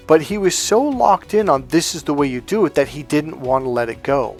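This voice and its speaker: A man's voice: a little high, a little fast, few pauses, faint music behind. A man coaching on dating, telling a story in a casual monologue, swearing bluntly and acting out what people said. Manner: blunt and profane, swearing often; animated, acting out quotes from a story.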